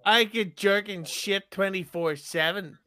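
Teasing man with a bright, sharp voice. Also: sits high, a little slow. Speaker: podcast guest. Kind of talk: crude casual chat.

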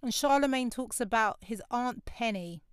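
A woman's voice: on the high side, normal speed, clear, resonant tone, dry recording, studio quality. A young woman, hosting her own podcast in a candid, chatty solo monologue and laughing easily. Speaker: podcast host.

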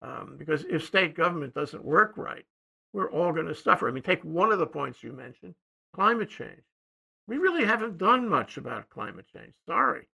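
An older man, co-hosting a casual political discussion, rambling and hesitant, often trailing off quietly. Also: a little high, big pitch swings, moderate pace, vocal fry, breathy edge. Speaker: co-host.

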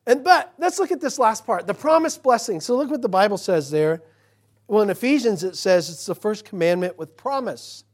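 A man preaching from the pulpit of a church, his voice sitting a little higher than most men's. He drops to a soft, confiding tone to tell a story, then rises loud and emphatic to press home a verse. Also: very animated, moderate pace. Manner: preaching, swinging from quiet storytelling to loud emphatic scripture lines. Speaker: pastor. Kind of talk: sermon.

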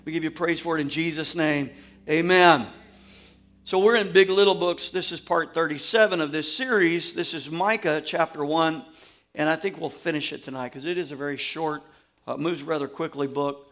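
A man from Louisiana with a Southern accent, teaching a sermon in an animated, folksy way. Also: a little high, moderate pace. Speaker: pastor.

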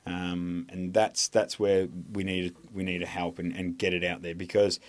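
A man's voice: low voice, little pitch movement, normal speed. A man with an Australian accent, a former soldier talking as a podcast guest, telling stories bluntly and swearing freely. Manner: blunt, profane storytelling. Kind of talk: casual conversation.

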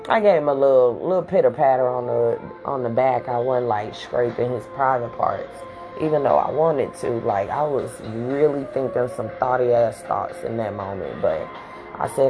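A woman's voice: very deep voice, moderate pace, over music, low-quality recording. A woman telling a personal story in a casual, candid and profane way, full of slang.

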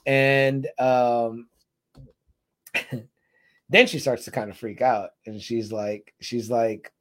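A man's voice: medium pitch, slow pace. A man in his forties in casual chat, retelling a horror film with lots of swearing and fillers. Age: 40s. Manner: profane, animated storyteller with many fillers. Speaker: podcast co-host.

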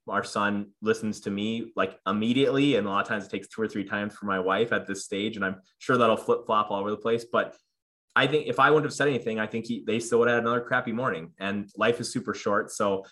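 Bright-toned man rambling earnestly. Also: on the low side. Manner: earnest, rambling with many fillers and restarts. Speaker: podcast guest. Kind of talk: casual interview conversation.

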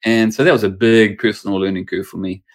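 A man's voice: on the low side, flat delivery, fast. A man, a pastor and sports chaplain, telling stories casually in an interview and acting out the voices of people he quotes.

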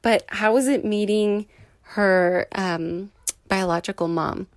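A woman interviewer asking gentle, curious questions in a conversation. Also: medium pitch, takes it slowly, dry recording, clean studio sound.

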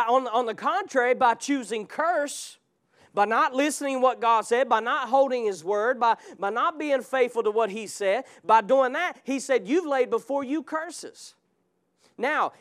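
A man's voice: very high voice, fairly bright tone. A male pastor preaching a fervent sermon in a church, with call-and-response asides to the congregation. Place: church sanctuary.

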